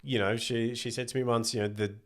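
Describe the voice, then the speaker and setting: Animated Australian man telling stories. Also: mid-range voice, brisk. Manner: animated storyteller, swears freely. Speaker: guest comedian. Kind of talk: casual podcast chat.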